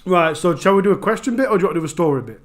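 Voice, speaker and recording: A man with a broad Yorkshire accent, casually chatting with viewers on a live stream, talking quickly and informally. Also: sits high, lively intonation. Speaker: true crime channel host.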